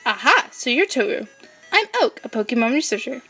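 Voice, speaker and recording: A woman's voice: fairly high pitch, very animated, a little fast, pushed and bright, breathy edge, far from the mic, soft background music, heavily acted. Woman voicing a cheerful old professor. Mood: friendly. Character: friendly older male professor.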